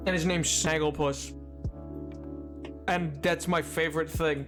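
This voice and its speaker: A man's voice: fairly high pitch, steady tone, a little slow, long pauses, a bit bright, soft background music. A man streaming a game, chatting casually and playfully with his viewers in a rambling way. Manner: rambling, playful, bantering with chat. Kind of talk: casual livestream chat.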